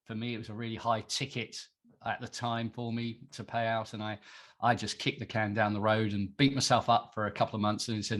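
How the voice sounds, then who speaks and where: British man, middle-aged, interview guest, chatty, self-deprecating, halting restarts. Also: on the low side, little pitch movement. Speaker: podcast guest, entrepreneur. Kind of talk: casual interview chat.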